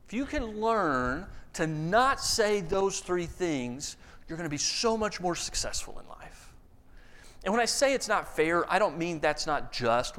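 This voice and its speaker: A man's voice: fairly high pitch, big-room sound. A middle-aged man preaching a conversational sermon, telling stories and acting out voices along the way. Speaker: pastor.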